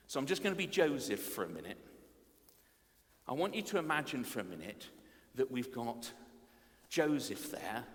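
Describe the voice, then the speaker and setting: A man preaching at a playful family service, animated and self-mocking as he tells the story. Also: on the high side. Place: church. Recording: long reverb of a church hall.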